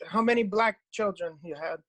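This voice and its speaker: A man's voice: high-pitched, moderate pace, fairly bright tone. Boastful man. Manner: boastful, joking, broken English. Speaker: podcast guest. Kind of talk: comedic banter.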